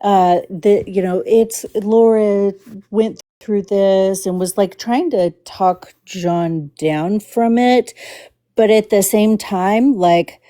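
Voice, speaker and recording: Woman livestream host from the Houston area, unhurried, mellow, careful and hesitant delivery. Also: medium pitch. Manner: halting and careful with words, many restarts. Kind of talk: casual livestream commentary.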